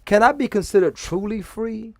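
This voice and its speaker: A man voicing a lovestruck husband who speaks slowly and sweetly. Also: high-pitched, creaky, no echo, studio quality, pitched above the performer's own voice.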